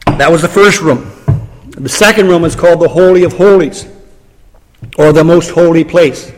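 A preacher with a notably high voice delivers a dramatic sermon, slowing down and going quiet on key phrases to give them weight. A long hall reverb makes the sound ring out.

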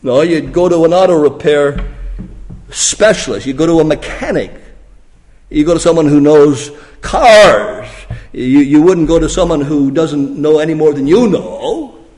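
A male pastor preaching a sermon, swinging from hushed explanation to loud emphatic questions. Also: a little high, lively intonation, a little slow, in a large hall.

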